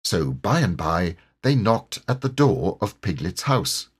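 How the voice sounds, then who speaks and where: A man narrating a children's storybook audiobook in an expressive, measured way. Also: low voice, slightly rough. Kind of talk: storybook reading.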